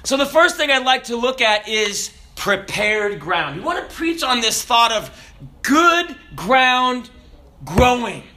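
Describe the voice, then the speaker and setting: Animated Southern preacher man, high lively voice. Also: takes it slowly. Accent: Southern American. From American South. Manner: folksy and animated, jokes and rhetorical questions. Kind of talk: sermon.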